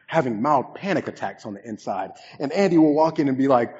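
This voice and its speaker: A man's voice: medium pitch, big pitch swings, a little fast, a little mellow, slightly rough. A man in his twenties preaching a sermon as pastor, earnest and conversational, with frequent "um"s. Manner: earnest, conversational storytelling with many fillers. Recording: echoey hall, dull lo-fi sound.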